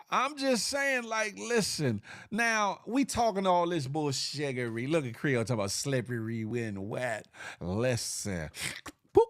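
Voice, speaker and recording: A man's voice: no room sound, clean studio sound. A man with a Southern US accent hosting a casual morning live stream, reading chat comments aloud and laughing often. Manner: animated, laughing, big pitch swings.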